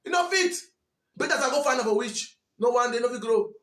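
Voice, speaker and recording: A man with a Cameroonian Pidgin English accent delivers a fiery, scolding monologue and keeps repeating himself for emphasis. His voice sits very high. The room adds a clear echo. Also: animated, fairly quick, a bit bright. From Southwest Cameroon. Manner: preachy, repetitive, scolding. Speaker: commentator. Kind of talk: impassioned monologue.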